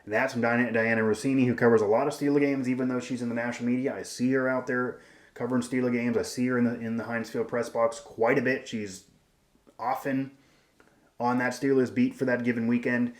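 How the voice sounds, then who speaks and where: A man hosts a sports commentary show, talking emphatically and circling back on his points. His voice sits at a middle pitch. The room around him is noticeably echoey. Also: flat delivery, a little fast. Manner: emphatic, rambling, frequent restarts.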